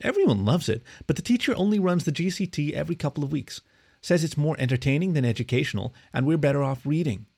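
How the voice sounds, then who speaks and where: A dutiful young puppy girl with a high, earnest voice, as a man puts her on. She explains things plainly and seriously, with a lively lilt. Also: fast, creaky, slightly rough, exaggerated voice.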